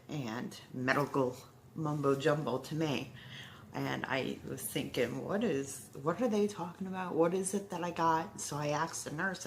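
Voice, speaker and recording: A low-pitched woman in her forties tells a personal story, full of pauses, restarts and fillers. She sounds emotional and halting throughout. Faint room ambience hums in the background. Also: sharp tone, a little hiss or hum. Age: 40s. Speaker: heart attack survivor telling her story.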